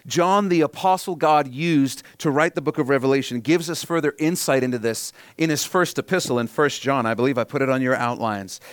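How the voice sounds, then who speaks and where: A man preaching a sermon as pastor, reading scripture aloud and repeating key points for note-taking, swinging between quiet reading and loud emphatic bursts. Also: mid-range voice, a little fast, hardly any pauses, dry recording.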